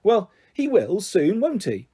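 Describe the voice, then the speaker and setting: A man's voice: high-pitched, huge pitch swings, unhurried, dark tone, breathy edge, pitched above the performer's own voice, heavily acted. A man doing a pleading, stammering young boy. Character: young boy, self-centred, anxious birthday boy.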